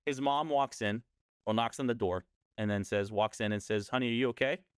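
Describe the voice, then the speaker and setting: A man's voice: on the low side, normal speed, clear, resonant tone, dry recording, studio quality. A man casually telling a scary story on a podcast, rambling and often correcting himself.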